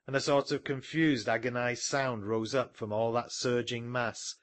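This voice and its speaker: A man reading an audiobook in a measured storytelling manner, recorded close to the mic. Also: mid-range voice, dry recording. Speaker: audiobook narrator. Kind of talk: scripted narration.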